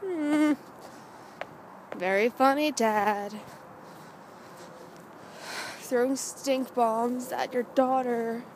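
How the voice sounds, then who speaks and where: A young woman, a daughter, talking casually at home with drawling, low-key replies. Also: steady tone, drawn-out words, long pauses, darkish tone, a little hiss or hum.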